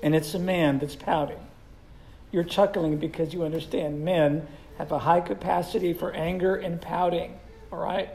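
A woman leads a Bible class with a gravelly, low voice. She teases her listeners and calls on them by name with questions. Her delivery is relaxed and conversational rather than preachy. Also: moderate pace, rough recording. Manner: joking, quizzes listeners by name. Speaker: Bible study teacher. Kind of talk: interactive Bible teaching.

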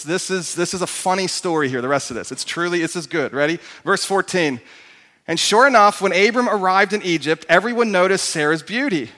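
A man pastor giving an emphatic, animated sermon in a church hall. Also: fairly high pitch. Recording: echoey hall.

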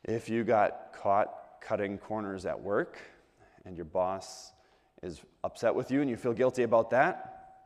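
A man's voice: on the low side, unhurried, big-room sound. A man preaching a sermon in a conversational way, asking the congregation rhetorical questions and restarting his phrases. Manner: conversational, asks the audience rhetorical questions, repeats words when restarting.

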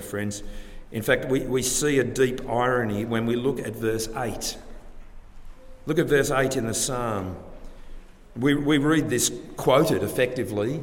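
Earnest male preacher, mid-pitched, rhetorical, reverberant church hall. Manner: earnest, rhetorical questions, varies loudness for emphasis. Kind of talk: sermon. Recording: long hall reverb, faint background ambience.

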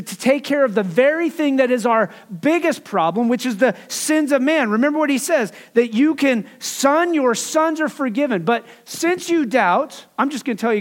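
A man preaching a sermon as pastor, in a conversational way, with asides and repeated phrases. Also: very high voice.

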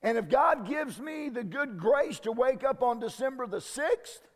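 A man's voice: very high-pitched, expressive, measured pace, hardly any pauses, in a large hall. A man pastor preaching a sermon in an emphatic way, often repeating words as he restarts.

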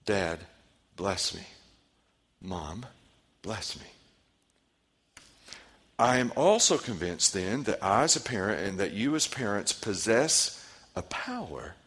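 A pastor in his forties leads a parenting seminar in a lowish, slightly bright voice with a breathy edge. His talk is interactive: he puts questions to the audience and repeats back their answers.

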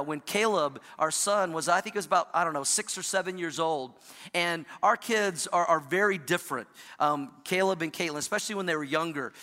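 A man's voice: high-pitched, bright, forceful tone. A middle-aged man preaching a sermon, telling a family story with playful asides. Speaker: pastor. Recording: reverberant hall.

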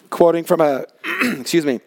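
A man preaching a sermon as pastor, earnest and emphatic, slowing down to stress key words. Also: on the high side, gravelly, dry recording. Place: large tent.

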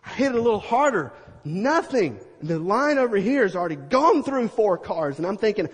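Husky high-voiced preacher in a hall. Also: male voice, moderate pace. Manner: animated, acts out scenes with sound effects. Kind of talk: storytelling sermon.

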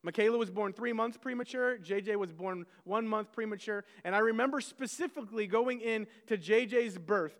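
A man's voice: sits high, moderate pace, hardly any pauses, a bit bright, in a large hall. A man, a pastor, preaching a sermon conversationally, with self-deprecating asides to the congregation.

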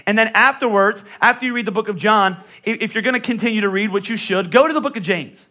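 A man's voice: high-pitched, quick pace, sharp tone. A middle-aged man with a Northeastern US accent, preaching a sermon as a pastor in a casual, joking manner. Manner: conversational and joking, with playful voice impressions.

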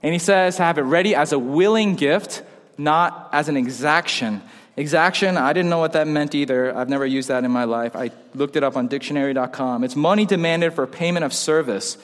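A young man, casual and joking, telling stories in an animated way. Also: on the high side, a little fast. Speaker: pastor. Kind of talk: sermon. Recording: long hall reverb.

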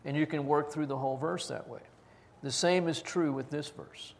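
A man's voice: a little high, fairly even intonation, normal speed, creaky. Earnest preaching man in a reverberant church. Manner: earnest preaching, stresses single words, reads scripture aloud. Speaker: pastor. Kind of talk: sermon. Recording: long hall reverb.

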